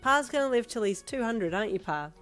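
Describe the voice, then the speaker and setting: A woman's voice: a little high, animated, a little fast, fairly bright tone, soft background music, voice pushed up. A woman voicing an awkward, flustered teenage girl who jokes at her own expense. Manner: flustered, self-mocking.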